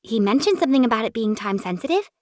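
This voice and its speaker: A woman's voice: fairly high pitch, big pitch swings, quick pace, no room sound, clean studio sound, voice pushed up. A woman reading an eager, curious young sister. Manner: eager and chatty.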